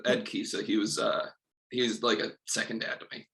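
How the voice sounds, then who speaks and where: A young man who is a guest on a talk show, answering in a halting, hesitant way. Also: lowish voice, level tone, creaky, fairly bright tone. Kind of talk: casual conversation.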